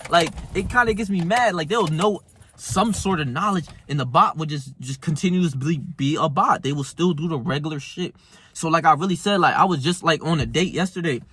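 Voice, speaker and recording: Young male self-help vlogger, husky, fairly high voice, dry close sound, brash and profane. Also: fairly bright tone, no echo. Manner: brash, slangy, heated, profane. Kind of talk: casual monologue to camera.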